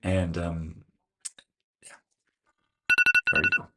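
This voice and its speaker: This man speaks extremely slowly in a low, flat voice that sounds pushed and bright. He has a Californian American accent and delivers a chatty, earnest solo film review for video, sometimes stumbling on names.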